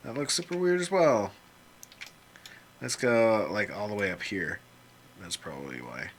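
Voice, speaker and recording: Slow-talking man joking to himself while drawing. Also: lowish voice, expressive, a little hiss or hum. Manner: rambling, jokey self-talk with mild swearing. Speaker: illustrator drawing on screen. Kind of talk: casual commentary while drawing.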